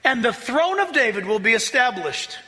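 A man preaching a sermon as a pastor, excitable, often laughing and rising to shouts as he reads scripture. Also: very high voice, normal speed, long reverb tail.

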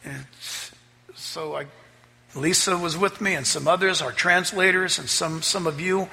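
A man pastor preaching a sermon and telling a story, climbing to loud, excited peaks. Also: fairly high pitch, a little slow, gravelly, in a large hall, a little hiss or hum. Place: church sanctuary.

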